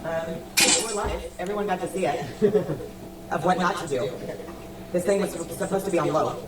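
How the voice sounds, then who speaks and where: A woman hosting a live sales stream from home, flustered and exclaiming after getting soaked. She is picked up from across the room, with a roomy echo and clear background noise. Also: fairly low pitch, normal speed, distant mic. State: drenched.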